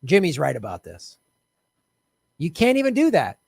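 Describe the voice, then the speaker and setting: A man's voice: a little high, huge pitch swings, normal speed, gravelly, a little mellow, breathy edge, dry recording, clean studio sound. A man ranting about politics with a raised, frustrated voice and a sarcastic edge. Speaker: political commentator. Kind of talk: ranting monologue.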